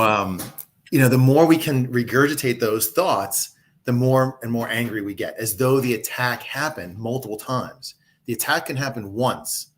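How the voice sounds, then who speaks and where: A man talking calmly and reflectively about handling emotions, as a guest in a conversational interview from home. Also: mid-range voice. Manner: calm, reflective, coaching tone.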